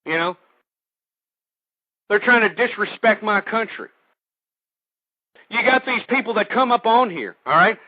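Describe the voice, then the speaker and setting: A man's voice: high-pitched, lively intonation, unhurried, long pauses, no room sound. A man hosting a call-in radio show, ranting in a combative, crude and repetitive way. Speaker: radio talk show host. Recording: tinny phone-like dry audio.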